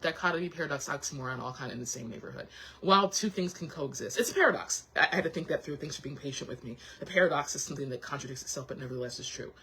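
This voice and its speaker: A woman's voice: low-pitched, rapid-fire, bright, forceful tone, husky, rough recording. A woman hosting a casual motivational chat, encouraging and heartfelt, who thinks aloud with frequent restarts and repeats her reassurances. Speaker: host.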